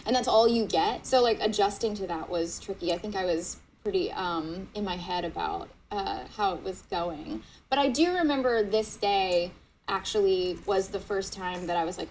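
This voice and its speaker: A woman's voice: mid-range voice, moderate pace, a little mellow, a little hiss or hum, poor audio. A woman, an actress, candidly reacting to clips of her old work, self-mocking and laughing often.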